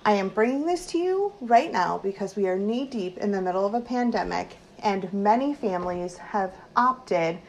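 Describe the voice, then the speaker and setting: A woman hosting her own podcast, talking casually from her home kitchen, with lots of likes and quick self-corrections. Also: mid-range voice, animated, slight background noise, low-quality recording. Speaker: podcast host and social worker.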